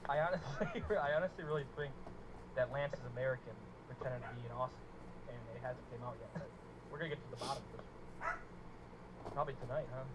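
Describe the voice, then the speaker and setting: A man's voice: mid-range voice, quick pace, pauses often. A man co-hosting a live stream who jokes and banters casually, laughing often. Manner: joking, chatty, laughs often. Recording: noisy live stream audio.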